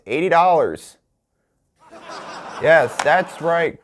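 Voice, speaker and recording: A man's voice: fairly high pitch, expressive, a little slow. A man hosting a comedic home-made late-night talk show, joking through product listings and laughing at his own bits. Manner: jokey, laughs at his own bits, stretches words for emphasis. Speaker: host.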